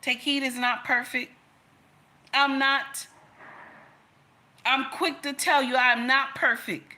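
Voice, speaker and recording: A woman's voice: high voice, level tone, takes it slowly, sharp tone. A woman speaking straight to her audience in an impassioned rant, scolding and repeating herself for emphasis. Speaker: commentator. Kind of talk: impassioned direct-to-camera rant.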